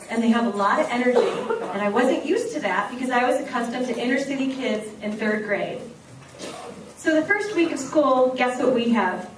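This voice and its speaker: A woman, giving a keynote speech and telling a lively story, acting out the voices of the children and of herself. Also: fairly high pitch. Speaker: keynote speaker and teacher. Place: banquet hall. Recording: echoey hall recorded from far off, dinner noise. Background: clinking cutlery and dishes.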